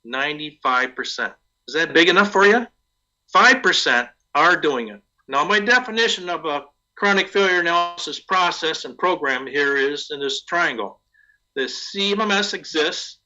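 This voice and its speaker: A man's voice: on the high side, pushed and bright, highs cut off. A man presenting at a maintenance conference, speaking conversationally and posing rhetorical questions to the audience.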